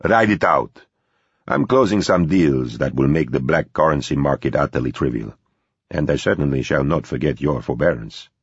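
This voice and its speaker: A man voicing a cold and ruthless wealthy tycoon who speaks flatly and hard. The voice is very deep and husky. The recording sounds dull and dry. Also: normal speed, no room sound, full character voice. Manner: flat, hard.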